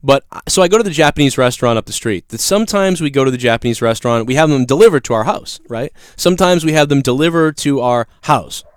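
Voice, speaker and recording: A man hosting a casual livestream, telling stories in a profane, animated way. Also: medium pitch, quick pace, hardly any pauses, no echo, clean studio sound. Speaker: livestream show host. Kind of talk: casual ranting livestream chat.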